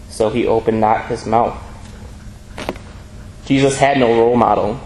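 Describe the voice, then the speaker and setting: A man preaching a sermon in an earnest, measured way, reading scripture aloud between his points. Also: mid-range voice, darkish tone. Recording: echoey room with faint ambient noise.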